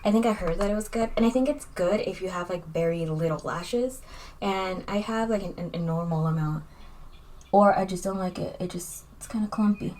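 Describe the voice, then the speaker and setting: A woman's voice: medium pitch, normal speed, darkish tone. A young woman chatting casually in a makeup vlog, rambling and candid, with lots of fillers as she talks. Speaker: vlogger.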